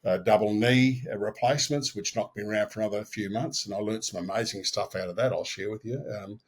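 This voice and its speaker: Aussie guy in his 60s, bit husky, blunt storyteller, does the voices of people he quotes. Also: on the low side, brisk. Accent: Australian. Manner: animated storyteller who acts out quoted dialogue; frank and earthy, with mild swearing. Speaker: podcast guest. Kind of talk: personal storytelling in an interview.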